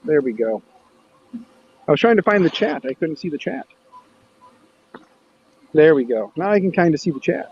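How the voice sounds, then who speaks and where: A man's voice: fairly high pitch, very animated, normal speed, long pauses, darkish tone, dull audio, slight background noise. A man hosting a casual livestream chat, telling stories in a rambling way with frequent restarts. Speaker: host of a maker livestream.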